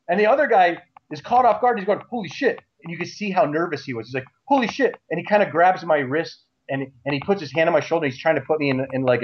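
A man telling a story in casual talk, animated and repeating words as he goes. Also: a little high. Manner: animated, acts out shouting cops; repeats words and restarts often. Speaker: guest recounting a story. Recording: slightly dull lo-fi audio.

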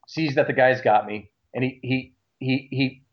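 A man telling a story in casual talk, animated and repeating words as he goes. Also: medium pitch, unhurried. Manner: animated, acts out shouting cops; repeats words and restarts often. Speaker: guest recounting a story. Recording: slightly dull lo-fi audio.

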